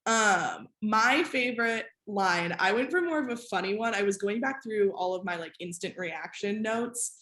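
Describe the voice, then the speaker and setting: A woman's voice: mid-range voice, animated, normal speed, few pauses, fairly bright tone, roomy sound. A woman hosting a podcast, chatting casually with many "like" fillers. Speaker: podcast host.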